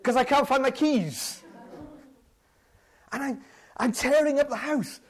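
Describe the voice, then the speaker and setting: A man's voice: very high-pitched, unhurried, husky. A man with a British accent preaching a sermon, conversational and self-deprecating, acting out his own frustrated outbursts.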